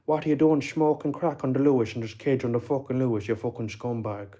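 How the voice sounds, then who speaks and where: An Irish man putting on a furious rural man from Limerick who shouts threats with a hammer in hand. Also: medium pitch, fairly even intonation, fast, pitched above the performer's own voice, natural voice.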